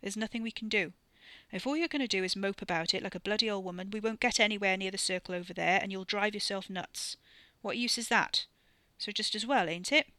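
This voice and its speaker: A crude young man talks bluntly and offhandedly, swearing as if it costs him nothing, as a woman reading the book puts him on. The voice comes across bright and close, with no room around it. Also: mid-range voice, brisk, dry recording, natural voice. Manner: gruff, offhand, swearing casually.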